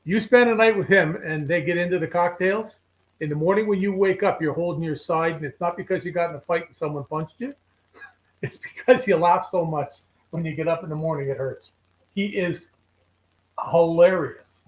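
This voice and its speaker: An older man, a regular guest telling animated stories in casual chat and voicing the people in them. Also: on the high side, moderate pace, poor audio. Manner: animated storyteller who voices the people in his stories. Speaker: regular guest on a fishing show.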